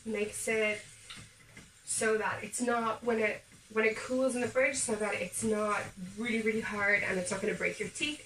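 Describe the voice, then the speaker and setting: Bright-voiced woman vlogging in an echoey kitchen. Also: medium pitch, a little hiss or hum. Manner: chatty, upbeat, talking to viewers while cooking. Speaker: home baking vlogger. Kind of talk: casual cooking demonstration. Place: home kitchen. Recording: echoey kitchen, mic a bit far off.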